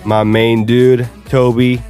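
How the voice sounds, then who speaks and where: A man's voice: mid-range voice, level tone, slow pace, mellow, soft background music. A man hosting a casual podcast, brash and joking, swearing freely. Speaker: podcast host. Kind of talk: casual crude banter and ad read.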